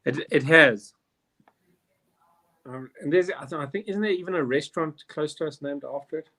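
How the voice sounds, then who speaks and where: A man's voice: a little high, moderate pace, bright, forceful tone. Brief: male quiz host, jokey, rambly, self-deprecating. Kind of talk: joking quiz banter.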